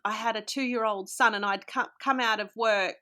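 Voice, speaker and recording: Australian woman guest, relaxed and rambling. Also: a little high, moderate pace. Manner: relaxed, rambling, hesitant with fillers. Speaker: guest author. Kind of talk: casual interview chat.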